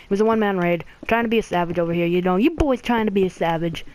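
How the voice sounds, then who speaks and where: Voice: medium pitch, racing, a little mellow, a little hiss or hum, poor audio. Gushing gaming channel host. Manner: gushing, filler-heavy, repeats "like" and "oh my god". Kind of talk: casual thank-you video to subscribers.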